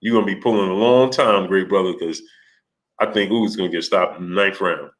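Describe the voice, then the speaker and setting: With a deep voice and a slightly fast delivery, a man hosts a live stream. He says hello to viewers, goes through Super Chats, and tells lively stories full of laughter and mimicked voices.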